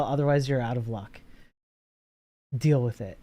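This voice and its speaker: A man's voice: medium pitch, unhurried, dark tone, no echo. Man, programmer livestream, playful banter with chat, dry sound. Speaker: programmer streaming his coding work. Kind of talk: casual livestream chat, answering viewers.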